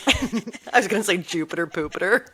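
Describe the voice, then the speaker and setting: A woman's voice: lowish voice, expressive, moderate pace, fairly bright tone, slightly rough. A woman co-hosting a podcast in casual chat, playful and enthusiastic, laughing easily. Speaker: podcast co-host.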